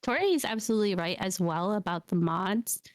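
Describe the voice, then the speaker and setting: Brief: earnest woman co-host, dry close mic, mid voice, steady advice-giving. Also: mid-range voice, brisk, no room sound. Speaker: VTuber podcast host. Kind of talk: casual podcast chat.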